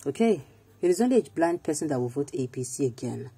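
A Nigerian woman with a very deep, dark voice delivers political commentary as a host. Her tone is husky and mellow, and she talks with animated emphasis, moving easily between English and Pidgin. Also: quick pace.

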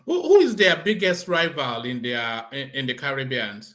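A man's voice: mid-range voice, very animated, normal speed, a bit bright. A man hosting an interview, asking probing questions and stumbling over his starts. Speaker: host.

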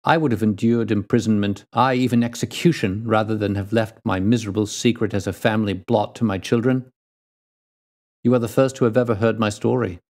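A man voicing an ashamed middle-aged gentleman prisoner who pleads passionately. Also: fairly low pitch, steady tone, a little fast, close to an everyday voice.

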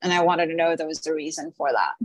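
Earnest low-voiced woman asking questions. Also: fairly even intonation, rapid-fire, dry recording. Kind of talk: interview question.

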